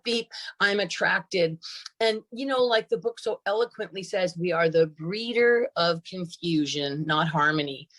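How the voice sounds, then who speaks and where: A woman's voice: mid-range voice, a bit bright. Candid, emphatic older woman speaker. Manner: candid and emphatic, with dramatic swings. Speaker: recovery meeting speaker. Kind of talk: personal recovery testimony.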